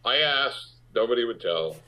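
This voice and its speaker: A man, an actor, speaking frankly in a conversational interview, halting with restarts and rising sharply when he makes a point. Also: medium pitch, expressive, pushed and bright. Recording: muffled lo-fi audio.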